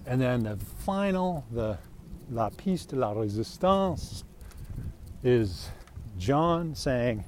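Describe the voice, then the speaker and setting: A man's voice: mid-range voice, big pitch swings, a little slow, a little mellow. A man talking casually about a gospel passage, rambling and irreverent, with laughing asides, recorded outdoors with faint background noise. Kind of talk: casual bible talk.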